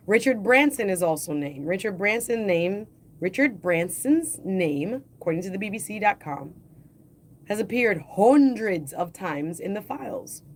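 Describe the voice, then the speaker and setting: A woman hosting a livestream, reading news articles aloud in a slow, deliberate way and adding casual asides of her own. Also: medium pitch, slight background noise. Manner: reads quotes slowly and deliberately, adds casual asides. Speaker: livestream host.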